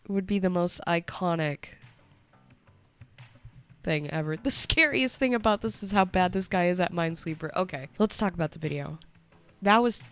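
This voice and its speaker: A sick young woman with the sniffles giving casual reaction commentary, jumpy and excitable, swearing, yelping and whispering when scared. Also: lowish voice, smooth. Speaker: YouTuber reacting to a horror series.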